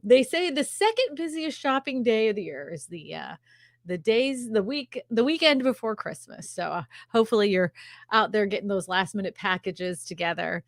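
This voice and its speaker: A woman's voice: mid-range voice, lively intonation, normal speed, no echo, clean studio sound. A middle-aged woman hosting a casual livestream, chatty and laughing often as she tells a story. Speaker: host.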